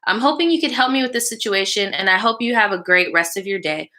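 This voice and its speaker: Woman live-show host, very bright tense tone, blunt slangy advice, swears freely. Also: mid-range voice, fast talker. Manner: chats back to live viewers between lines. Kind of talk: reading a viewer's story aloud and giving advice.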